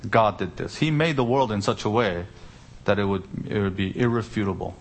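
With a fairly low voice and a somewhat quick delivery, this pastor works through an expository sermon. He unpacks Greek grammar by posing rhetorical questions and gives important words sudden upward emphasis.

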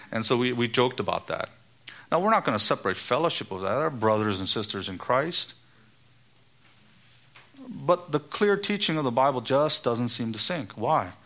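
A middle-aged man preaching a sermon, getting emphatic and rising in pitch on key points. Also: a bit bright. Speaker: pastor.

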